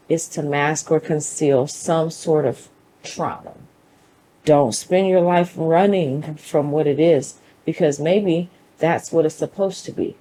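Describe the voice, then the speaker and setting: A woman's voice: lowish voice, dark tone, a little hiss or hum, low-quality recording. A woman hosting her own show, giving an emphatic, conversational motivational monologue with a preachy, faith-driven edge. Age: adult mother. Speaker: show host.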